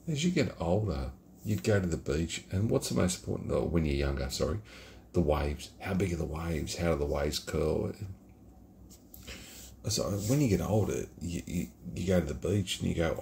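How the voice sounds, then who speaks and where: A man's voice: low voice, animated, normal speed, vocal fry, a little mellow, slight background noise. A middle-aged Australian man reviewing beer in a casual vlog, rambling and reflective and swearing freely. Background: geckos and night ambience.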